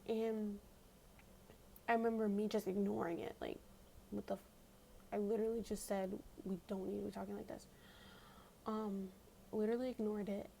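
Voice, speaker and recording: A woman's voice: mid-range voice, flat delivery, normal speed, vocal fry, long pauses, mellow, a little hiss or hum. A young woman telling a story in whispered ASMR storytime, chatty and full of fillers, close to the mic at home. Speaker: ASMR creator.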